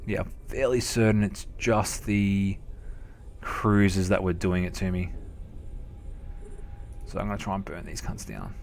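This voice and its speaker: A man's voice: low-pitched, steady tone, measured pace, vocal fry, long pauses, darkish tone, slight background noise. A young adult man with an Australian accent, casually commentating a game live and chatting with viewers, swearing a lot. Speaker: game streamer.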